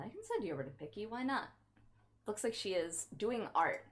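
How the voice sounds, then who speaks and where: A woman streaming and bantering with her viewers, her pitch swinging up and down in an animated, playful way. She teases and plays at being offended, in the easy tone of casual stream chatter. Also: brisk. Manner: playful, teasing, mock-offended, often laughing. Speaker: livestreamer.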